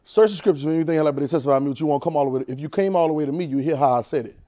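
Preacher guy w/ aave teaching bible class, kinda high voice, keeps asking y'all got it. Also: rapid-fire, mellow. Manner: call-and-response, repeats phrases, asks the room questions.

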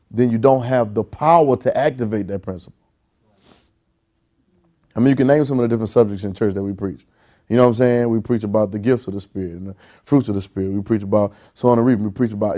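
A man preaching a sermon, calling on the congregation to answer back and building to loud, emphatic peaks. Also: medium pitch. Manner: exhorting, calls for congregation responses.

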